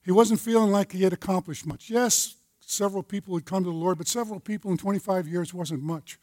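A man's voice: sits high, fairly quick, darkish tone, dry recording. A retired older man teaching a men's Bible study, telling a folksy story and citing scripture. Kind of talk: sermon-style teaching.

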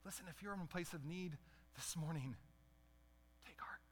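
A man's voice: on the high side, moderate pace, slightly rough. A middle-aged man preaching a conversational sermon as a pastor, putting questions to his listeners.

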